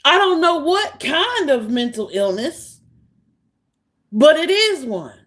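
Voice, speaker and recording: A woman's voice: high-pitched, sing-song, slow, a bit bright. A woman vlogger speaking in a heated, blunt, sarcastic monologue. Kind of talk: casual monologue to camera.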